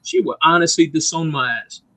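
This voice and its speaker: A man ranting hard on a podcast. He swears constantly and hammers his points home. His voice sits a little high, and the sound is dry and close with no room echo. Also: normal speed, bright, forceful tone. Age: adult parent. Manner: profane, emphatic, ranting. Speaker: podcast co-host. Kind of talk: heated casual chat.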